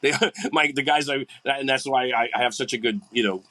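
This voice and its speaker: An older man, a guest musician, chatting on a podcast in a rambling, animated way. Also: mid-range voice, fairly quick, no echo. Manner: rambling, animated, acts out quoted people. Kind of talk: casual podcast chat.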